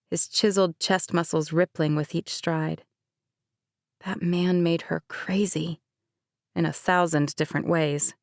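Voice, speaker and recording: Reading an audiobook, a woman narrates a script steadily and evenly in a fairly low voice with a clear, resonant tone. It's recorded dry and up close, without any room sound.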